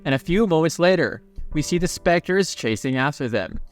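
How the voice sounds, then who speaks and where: A man recaps a story in a casual, chatty voice that sits a little high. He drops playful asides as he goes, with faint music playing underneath. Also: lively intonation, normal speed.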